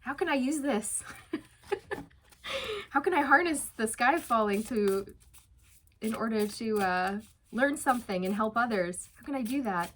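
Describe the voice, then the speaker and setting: A woman giving a casual tarot reading. She is chatty and encouraging, uses many fillers, laughs lightly, and slows down for emphatic reassurances. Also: fairly high pitch, lively intonation, a little hiss or hum. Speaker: tarot reader.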